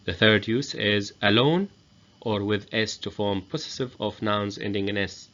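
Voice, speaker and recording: A man whose first language is Arabic, giving a grammar lesson as a teacher, explaining slowly and repeating each example. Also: lowish voice, fairly bright tone. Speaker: English teacher. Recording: dull lo-fi recording.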